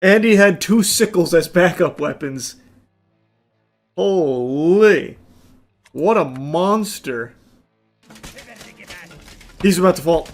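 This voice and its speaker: A man giving excitable gameplay commentary, swearing, yelling and laughing at the game. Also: high-pitched, slow, long pauses, soft background music. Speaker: gaming commentator.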